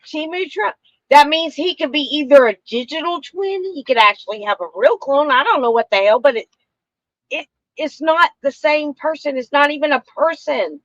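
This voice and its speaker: A woman's voice: sits high, lively intonation, normal speed, a bit bright, no room sound, lo-fi sound. A woman co-hosting a casual political chat, talking emphatically and repeating herself for stress. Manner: emphatic, insistent, repeats phrases. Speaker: co-host.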